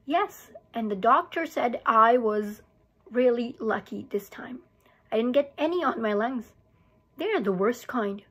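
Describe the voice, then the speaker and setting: A dramatic little girl, put on by a woman reading a storybook aloud, fussing in a raised, whiny voice. She is theatrical and self-pitying, and the tone stays breathy and bright-high throughout. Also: lively intonation, a little slow, heavily acted. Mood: boastful. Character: dramatic, fussy young girl.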